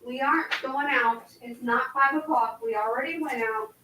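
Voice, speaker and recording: A woman's voice: sits high, moderate pace, noisy background. A young woman with a slight Southern accent chatting casually on a live stream, rambling, laughing often and trailing off mid-sentence. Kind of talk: casual chat.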